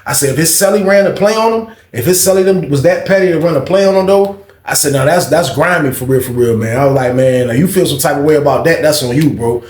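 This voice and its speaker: A man's voice: a little high, fast talker, hardly any pauses. Slangy young man telling a story. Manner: slangy, animated retelling with quoted dialogue. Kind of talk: casual storytime monologue. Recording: roomy echo.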